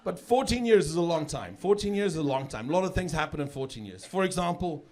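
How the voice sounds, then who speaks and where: South African comedian with high voice. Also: male voice, animated, fast, darkish tone. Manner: chatty, repeats words when building jokes. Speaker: stand-up comedian. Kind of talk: stand-up comedy set. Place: comedy club stage with live audience. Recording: live set with audience laughter.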